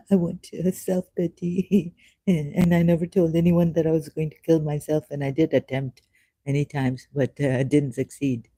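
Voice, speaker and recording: A vlogger speaking in a rambling, self-mocking monologue, sarcastic and halting, with many fillers and frequent laughs. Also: medium pitch, flat delivery, dark tone, no echo.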